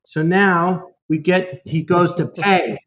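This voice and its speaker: Guest on a video call, loud brash guy, bright sharp voice, kinda high. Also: steady tone, slow. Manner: loud, brash, shouts out punchlines. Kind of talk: casual comedic chat.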